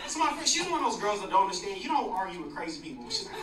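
A stand-up comedian on stage, telling a chatty, animated story and doing impressions. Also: mid-range voice, fast talker. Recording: distant, echoey club recording with loud noise.

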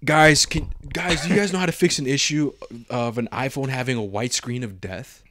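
A man's voice: medium pitch, normal speed, dry recording, clean studio sound. A young man co-hosting a podcast, chatting casually, telling stories animatedly with frequent laughter and swearing. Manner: animated storyteller, laughs often, swears a lot. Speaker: podcast co-host. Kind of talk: casual chat.

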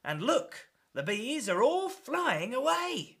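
A man hosting a children's show, reading a picture book aloud in a slow, playful sing-song with sound effects. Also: very high-pitched, very animated, bright, forceful tone, slightly rough. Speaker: children's storyteller host.

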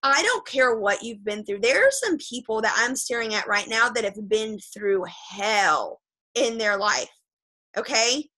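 Bright, emphatic woman giving a pep talk. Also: fairly high pitch, lively intonation, unhurried, low-quality recording. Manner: emphatic and repetitive, checking in with "okay?"; frank, with mild swearing. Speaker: motivational speaker addressing a group. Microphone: video call.

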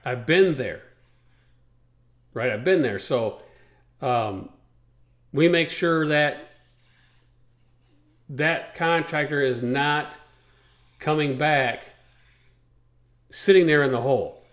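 A man's voice: a little high, slow, long pauses, fairly bright tone, echoey room. A man hosting a trucking talk show, rambling in a folksy way and walking listeners through charts step by step. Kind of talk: casual radio talk show chat.

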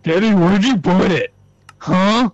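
During casual game chatter, a man co-playing a let's play stays laid-back, with plenty of ums and laughter. He talks slowly in a high-sitting voice with no echo, recorded on a slightly dull lo-fi microphone.

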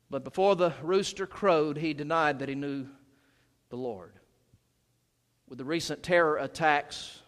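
A male senior pastor preaching a sermon during a worship service. He delivers it emphatically, swinging from loud shouts to hushed low lines. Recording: reverberant church sanctuary.

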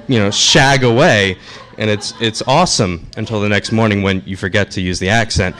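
A man's voice: lowish voice, steady tone, moderate pace, a bit bright. Young man doing self-deprecating stand-up. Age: young adult. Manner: self-deprecating, chatty crowd work. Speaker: stand-up comedian. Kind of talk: stand-up comedy set. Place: comedy club stage.

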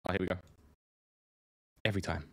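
A man's voice: low-pitched, flat delivery, a little fast, fairly bright tone, breathy edge. A man giving live gameplay commentary, rambling and chatty as he greets viewers by name. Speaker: game streamer.

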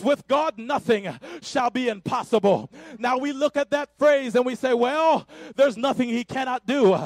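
A man preaching a Pentecostal sermon, shouting in call-and-response and dropping to quiet asides. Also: very high-pitched, dry recording. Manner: breathless, drops to quiet asides. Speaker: pastor.

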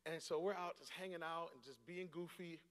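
A pastor in his forties preaching a sermon, telling a story and rising into shouts and laughter. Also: a little high, fairly quick. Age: 40s. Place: large church hall. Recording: long hall reverb.

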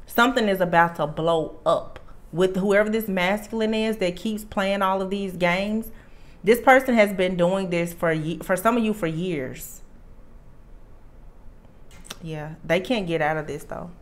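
A woman's voice: mid-range voice, a little slow. A woman giving a tarot reading to her viewers, talking earnestly and with emphasis, often restarting her sentences. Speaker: tarot reader.

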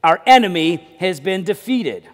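High-voiced man preaching in a reverberant hall. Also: sing-song, measured pace. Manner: dynamic preaching, swings between loud emphasis and low drops. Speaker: pastor. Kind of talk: sermon. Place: church sanctuary.

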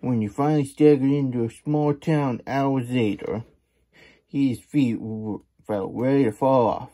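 Slow, mellow man reading a storybook. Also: medium pitch, steady tone. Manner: playful cowboy-persona banter, rambling asides. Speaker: children's book reader.

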